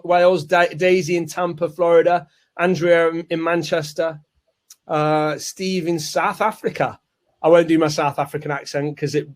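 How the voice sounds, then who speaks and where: A man hosting a live product launch webinar, chatty and salesy. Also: a little high. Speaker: webinar host.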